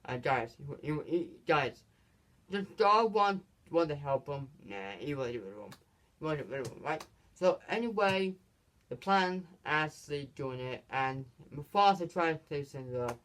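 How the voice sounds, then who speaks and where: This is a casual movie reviewer who walks through the plot in a rambling, halting way. They stumble, restart lines and keep coming back to the same filler phrases. The pitch sits in an ordinary middle range. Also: lively intonation, fairly bright tone. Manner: rambling plot retelling, repeats "basically" and "this is where".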